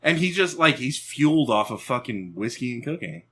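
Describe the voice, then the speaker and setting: A man's voice: mid-range voice, very animated, normal speed, bright, forceful tone, slight background noise. A young man hosting a podcast, laughing and tossing out absurd hypotheticals with friends. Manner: giggly, asks absurd hypotheticals, swears often. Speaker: podcast host. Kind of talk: casual banter among friends.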